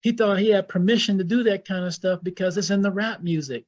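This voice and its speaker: Speaking fairly quickly with hardly any pauses, an American guest scholar of Islam uses a high, darkish voice in passionate, outspoken interview talk. He repeats himself for emphasis, and the recording is muffled.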